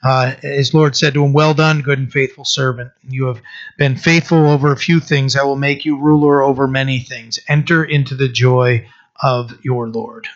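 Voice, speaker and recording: A man preaching a sermon and reading scripture, talking haltingly with many fillers and restarts. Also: medium pitch, steady tone. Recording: dull lo-fi recording.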